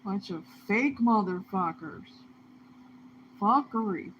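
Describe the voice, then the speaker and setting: A woman's voice: mid-range voice, lively intonation, slow. Profane ranting woman, lo-fi recording. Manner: profane, heated, swings between muttering and outbursts. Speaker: vlogger. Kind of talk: angry ranting monologue. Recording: dull lo-fi sound with faint noise.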